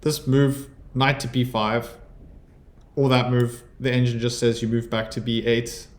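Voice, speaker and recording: Commenting casually on his own chess game, a South African streamer talks through his moves as he plays. He speaks a little slowly in a mid-range voice with little pitch movement, and the room is reverberant.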